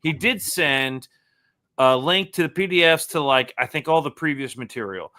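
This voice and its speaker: A man's voice: mid-range voice, moderate pace. A man co-hosting a casual podcast chat, ranting with lots of swearing. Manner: animated, profane ranting. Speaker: podcast co-host.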